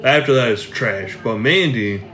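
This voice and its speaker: A man's voice: mid-range voice, lively intonation, measured pace, pushed and bright. Young man in a roomy space, laid-back. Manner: laid-back, swearing, playful. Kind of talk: casual chat among friends.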